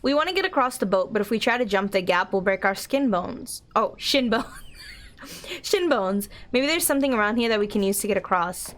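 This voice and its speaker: A woman's voice: mid-range voice, lively intonation, fairly quick, a bit bright. A young adult woman streaming a story game, chatting casually with giggles and gushing thanks to her viewers. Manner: bubbly, giggly, gushes at chat. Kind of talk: casual gameplay commentary.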